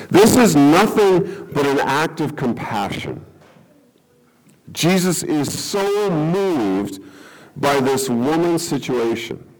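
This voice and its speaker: A male preacher teaches through a scripture story, his voice moving a lot in pitch and sitting a little high for a man. He takes his time, leaning on questions like "okay?" and small chuckles to keep his listeners with him. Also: darkish tone, low-quality recording. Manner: explains a Bible passage, checks in with frequent "okay?" and chuckles. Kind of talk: sermon teaching.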